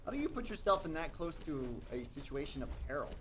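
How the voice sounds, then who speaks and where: A man's voice: on the high side, very animated, fast. A man streaming a game and commenting live, muttering to himself and teasing his chat in a wry way. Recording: noisy with game sound.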